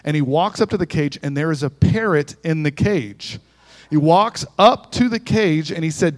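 A man's voice: fairly high pitch, moderate pace. A man preaching a sermon as a guest speaker in a church, conversational and joking, often checking in with the congregation. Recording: long echo of a large hall.

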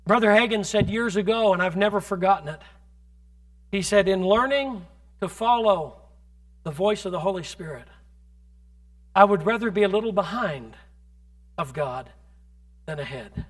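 A man preaching a sermon to a congregation, moving from conversational asides to fervent, shouted exhortation and calling on the listeners directly. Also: high-pitched, animated, moderate pace, long pauses.

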